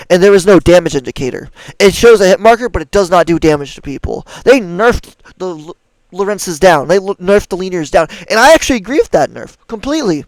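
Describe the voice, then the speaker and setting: A man's voice: high-pitched, no echo, low-quality recording. A young man ranting angrily about a game's balance, profane and exasperated, as a streamer talking to his viewers. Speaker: gaming streamer. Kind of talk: ranting gameplay commentary.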